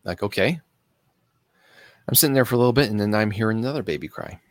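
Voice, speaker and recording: A man telling a personal story in an earnest, halting way, pausing and restarting as he explains things slowly. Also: on the low side, animated, no room sound, studio quality. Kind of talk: personal story told to camera.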